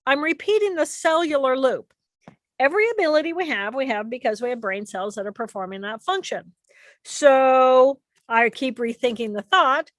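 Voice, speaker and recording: A woman giving an explanatory talk to an audience, animated and repeating key phrases for emphasis. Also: high-pitched, moderate pace, dry recording, studio quality. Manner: animated, acts out inner voices and repeats phrases. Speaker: speaker presenting to an audience.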